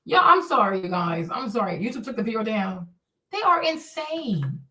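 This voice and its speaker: A woman's voice: fairly high pitch, big pitch swings, normal speed, bright, forceful tone, far from the mic. Chatty woman streamer in an echoey room. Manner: chatty, exasperated, slangy. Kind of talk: casual live-stream commentary.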